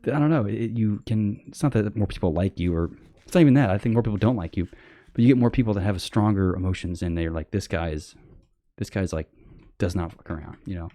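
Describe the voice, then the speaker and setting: A man talking in a casual opinion monologue, rambling and blunt, with many fillers and swearing, and mocking others in high sarcastic voices. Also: quick pace, dark tone, dry recording. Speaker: podcast host.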